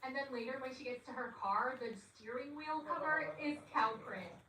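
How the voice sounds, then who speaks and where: A woman's voice: high-pitched, normal speed, bright, forceful tone, distant mic. A woman giving a chatty, sarcastic recap of a show, with dramatic asides. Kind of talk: casual recap commentary. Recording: echoey room, voice set back from the mic, faint hiss.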